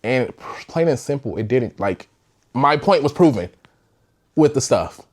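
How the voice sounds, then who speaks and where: A young man hosting a podcast, telling a personal relationship story in a candid, rambling way, swearing freely and sometimes sinking to a hush. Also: medium pitch, lively intonation, measured pace. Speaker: podcast host. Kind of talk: casual storytime.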